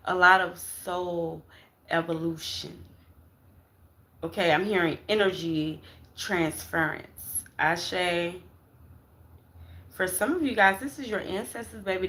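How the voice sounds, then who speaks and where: With a lowish, fairly bright voice, a woman does a relaxed spiritual tarot reading for her audience. She addresses them as "y'all" and "baby," and her emphatic, repetitive talk is punctuated by "okay?" after nearly every phrase and by "Ashe."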